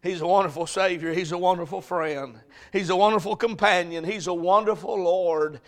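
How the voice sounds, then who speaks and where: Fervent high-voiced preacher. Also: male voice, moderate pace. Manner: fervent preaching, swings from shouting to hushed storytelling. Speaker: pastor. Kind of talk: sermon. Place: church sanctuary.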